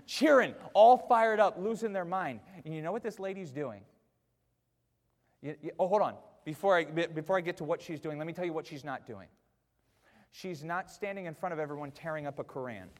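A fiery preacher in a big reverberant church. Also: male voice, on the high side, fairly quick. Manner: swings from quiet asides to shouted peaks; chatty, self-mocking, laughs with the congregation. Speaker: pastor. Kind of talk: sermon. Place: church auditorium. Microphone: wearing a mic.

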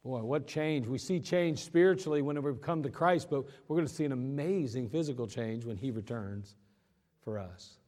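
A man preaching a sermon in a folksy, joking way, slowing down for emphasis. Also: medium pitch, darkish tone, in a large hall. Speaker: pastor.

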